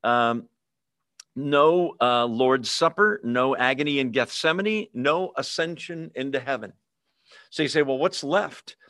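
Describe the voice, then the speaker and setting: Male teacher, relaxed and chatty, mid-range voice, dry close sound over a video call. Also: mid-range voice, unhurried, dry recording. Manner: conversational, with fillers and humorous asides. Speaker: Bible study teacher. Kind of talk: casual Bible teaching. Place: online video meeting.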